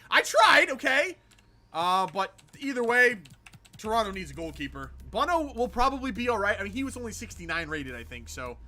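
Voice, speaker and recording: Sarcastic streamer guy, high voice that jumps all over, talking to chat. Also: big pitch swings, a little fast, sharp tone. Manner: jokey and sarcastic, answers chat, rambling with restarts. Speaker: gaming livestream host. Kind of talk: casual livestream chat while playing.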